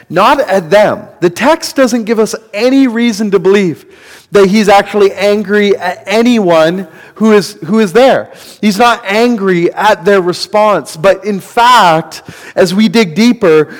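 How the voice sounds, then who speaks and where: A man's voice: high voice, unhurried. A man preaching a sermon as a pastor, earnest and building to impassioned emphasis. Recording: long reverb of a hall.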